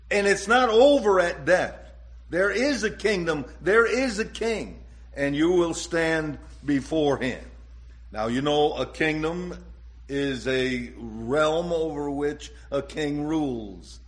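Man, pastor, sermon, fairly high voice, slow deliberate delivery, dramatic emphasis. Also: expressive. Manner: slow, deliberate preaching with dramatic rises and drops in pitch and loudness.

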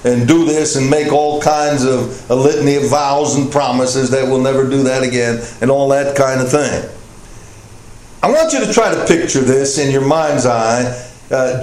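A man preaching a sermon as pastor, earnest, rising to emphatic points and often pausing with "uh". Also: on the high side, darkish tone. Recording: echoey room with faint noise.

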